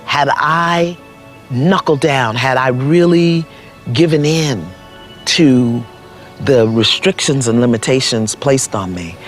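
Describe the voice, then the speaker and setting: A man's voice: mid-range voice, takes it slowly. Emphatic interview guest, a man. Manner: emphatic, repeats words for weight. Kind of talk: personal interview. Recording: music playing underneath.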